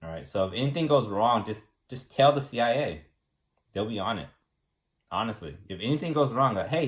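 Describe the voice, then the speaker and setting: A man from the United States explaining government in a casual, rambling way, repeating words and filling pauses with "like" and "um". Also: mid-range voice. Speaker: explainer teaching about government.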